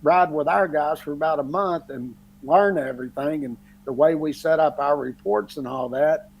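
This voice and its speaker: A man quoting his father, a blunt older electrical inspector, in a teasing, gravelly retelling. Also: on the high side, normal speed.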